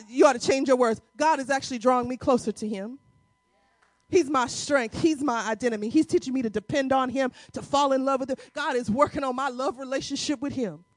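A woman preaching a sermon to a congregation, emphatic and animated, in a casual vernacular style with calls to the crowd. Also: high voice, no echo. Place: church before a congregation.

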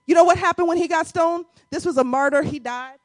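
A woman preaching a sermon, moving from quiet teaching to shouted, crying exhortation and calling out to the congregation casually. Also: extremely high pitch, a little fast, dry recording. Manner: colloquial, addresses congregation as y'all.

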